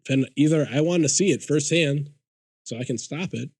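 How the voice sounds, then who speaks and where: With a fairly high, husky voice at a moderate pace, a man tells a story as a podcast guest, swearing liberally and performing other people's words. The recording is dry.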